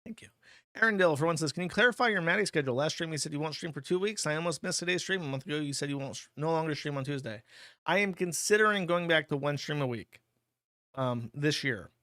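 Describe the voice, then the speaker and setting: A man's voice: on the high side, fast, bright, forceful tone, no room sound, studio quality. A man hosting a livestream, reading out donations and answering them in a blunt, crude, offhand way. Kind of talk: casual streaming commentary.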